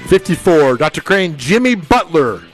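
A man hosting a casual radio show, quizzing his co-hosts with quick banter. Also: fairly high pitch, very animated, soft background music, rough recording.

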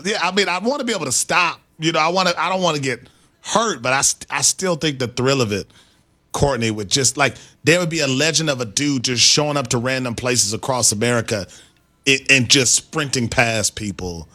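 A man's voice: mid-range voice, fairly quick, bright, forceful tone. A man co-hosting a casual chat, rambling playfully about his dreams.

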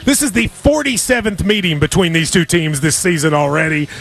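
A man's voice: fairly high pitch, brisk, vocal fry, fairly bright tone. A man hosting a sports radio show, chatting casually about betting picks with wry, playful banter.

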